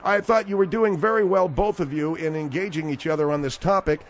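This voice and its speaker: A male radio host moderating a heated call-in debate in a calm, refereeing way. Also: on the high side, fairly quick, slight background noise.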